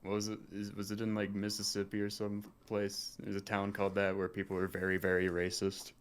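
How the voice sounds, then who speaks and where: A man's voice: on the low side, monotone, a little fast. A man co-hosting a casual podcast, making dry joking remarks. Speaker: podcast co-host.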